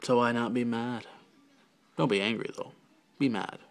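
A man's voice: medium pitch, fairly even intonation, normal speed. A man vlogging alone to his camera, rambling playfully, drifting into whispers and joking about his attempts at other accents. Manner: silly, slips into mock accents and whispers. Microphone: handheld camera.

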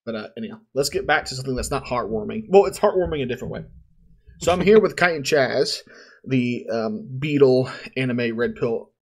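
A husky-voiced man hosts a podcast in a loose, rambling way. He fills his stories with slang and laughs as he goes. His pitch sits in an ordinary middle range. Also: expressive, brisk. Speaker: podcast host. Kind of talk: casual chat.

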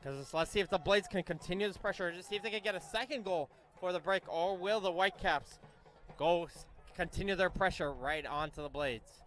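A man giving live play-by-play commentary on a youth soccer match, brisk and correcting himself on names as play moves. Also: high-pitched, fairly bright tone.

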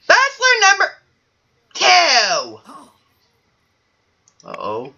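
A woman's voice: sits high, wildly swooping pitch, normal speed, pushed and bright, dull audio. A woman hosting a mock gameshow, exasperated and playful, often swearing. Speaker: host. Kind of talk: game commentary, mock gameshow host.

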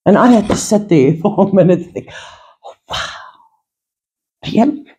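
A woman giving an informal Bible teaching, earnest and animated, telling stories and laughing at times. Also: medium pitch, quick pace, husky.

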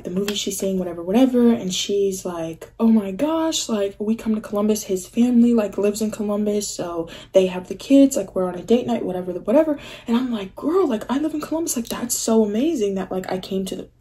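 A young woman telling a story on her vlog in a casual, animated way, full of fillers and acted-out quotes. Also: mid-range voice, brisk. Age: young adult. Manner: animated, filler-heavy, acts out quoted voices. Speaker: vlogger.

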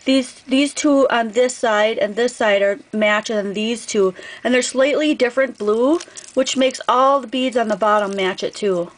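Female craft vlogger, higher voice, effusive casual unboxing chat. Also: unhurried, low-quality recording. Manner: gushing, effusive.

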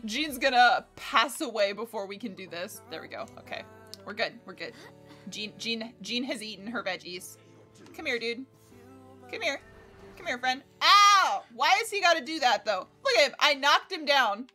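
A woman's voice: fairly high pitch, expressive, normal speed, sharp tone, soft background music. A woman livestreaming a game in casual chat, scattered and swearing as she talks to herself and to the game.

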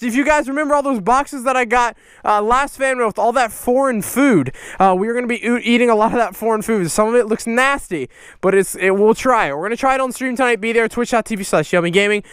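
American man, very high voice, smooth clear tone, goofy, casual vlog chat. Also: a bit bright, no room sound. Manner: goofy, jumps into silly sung and high squeaky bits. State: out of breath. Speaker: YouTube host opening fan mail.

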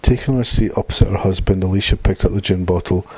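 A man reading a dark short story aloud in a plain, steady way. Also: low voice, fast talker, no echo. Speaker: narrator.

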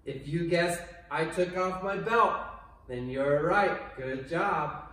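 A man coaching young children through movement games, with a high, slow and encouraging voice. He sounds distant from the camera, and a large echoing room rings around every word. A faint hum of room noise sits underneath. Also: a bit bright. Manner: slow, clear and encouraging, with playful exclamations. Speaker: kindergarten PE coach. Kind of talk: online PE lesson for children. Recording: echoey room from far off.

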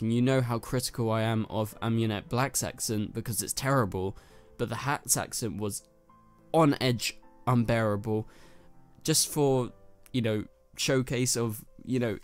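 A man's voice: mid-range voice, smooth. Chatty man with a London accent. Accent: London English. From North London, England. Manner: chatty, rambling, frequent fillers. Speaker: TV review host. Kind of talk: casual spoken TV review.

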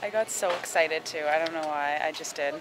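A woman's voice: low voice, fairly quick, music in the background, poor audio. A young woman chatting casually in a vlog, giggly and full of filler words. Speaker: vlogger.

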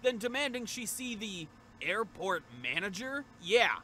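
Give me a man in his forties narrating clips with a lively, wry delivery. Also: high voice, measured pace, a little hiss or hum. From South Coast of England. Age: 40s. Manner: wry, conversational commentary. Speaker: reaction channel host. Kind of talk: narrating a clip compilation.

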